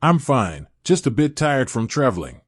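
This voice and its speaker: A man's voice: mid-range voice, very animated, moderate pace, dry recording, clean studio sound. A man reading aloud and voicing a sad, guarded young ninja man who answers in short replies.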